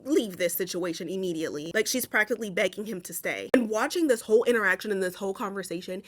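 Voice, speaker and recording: Fast-talking, blunt, profane young woman. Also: medium pitch. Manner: chatty, with many "like"s. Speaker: movie commentator. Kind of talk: casual film recap commentary.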